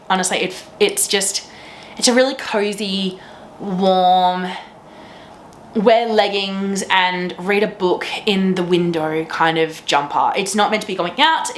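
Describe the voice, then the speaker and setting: A woman's voice: mid-range voice, echoey room, a little hiss or hum. A young woman hosting a knitting podcast, chatting casually and gushing with enthusiasm. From Australia. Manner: gushing, enthusiastic, laughs often. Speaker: teacher. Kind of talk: casual chat to camera.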